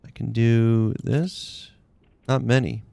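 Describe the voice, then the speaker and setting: A man's voice: medium pitch, steady tone, slow, creaky, warm tone, no echo. A man live-streaming a game, chatting casually in a rambling, slangy way full of "like"s. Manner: laid-back, rambling, slangy with many "like"s. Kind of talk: casual live-stream chat while playing.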